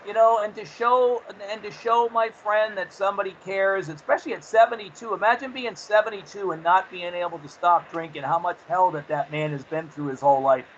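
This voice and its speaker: High-voiced man telling an earnest story. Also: brisk, hardly any pauses, slight background noise. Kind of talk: casual chat. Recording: slightly muffled recording.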